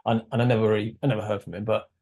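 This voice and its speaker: A man's voice: lowish voice, little pitch movement, rapid-fire, a little mellow. A man as a podcast guest, casually telling a rambling story and acting out quoted dialogue.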